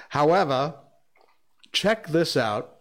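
A man's voice: on the high side, animated, very slow. Chatty, rambling American man. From Connecticut, United States. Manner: chatty and rambling, with frequent ums and asides. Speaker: show host. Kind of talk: casual solo monologue. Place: living in Malaysia.

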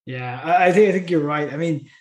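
Chatty podcast guy, voice on the higher side, echoey room, laughs a lot. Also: fairly quick, a little mellow. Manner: chatty, laughs easily, lots of restarts. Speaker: podcast co-host. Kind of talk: casual podcast chat. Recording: roomy echo.

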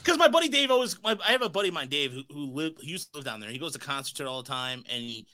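A man's voice: on the high side, racing. A man hosting his podcast in casual chat, ranting with lots of swearing. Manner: profane, animated ranting. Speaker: podcast host.

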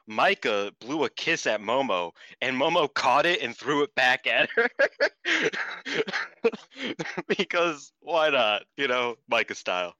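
A man co-hosting a casual wrestling chat, animated and swearing freely, acting out what others said. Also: mid-range voice, takes it slowly, no echo. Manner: animated, swears often, acts out quotes. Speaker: podcast co-host.

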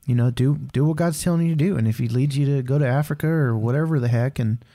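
Rambling, candid man with a mellow voice. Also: medium pitch, fast. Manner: candid and rambling, heavy with fillers like "dude" and "man". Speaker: podcast co-host. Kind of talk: casual faith conversation.

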